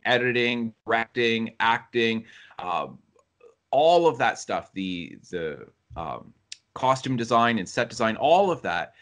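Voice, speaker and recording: A man in a relaxed film review conversation, thinking aloud. He circles his points with fillers and restarts, his voice sitting at a middle pitch. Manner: thoughtful, rambling, many fillers and restarts. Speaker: film review podcast co-host. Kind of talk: casual review chat.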